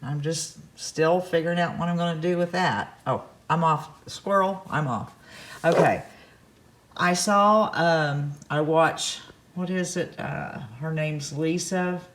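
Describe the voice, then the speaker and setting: A woman's voice: sits low, slow pace. A woman hosting a crafts vlog from her home kitchen, chatting casually to camera in a rambling way with folksy asides. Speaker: crafts vlogger host.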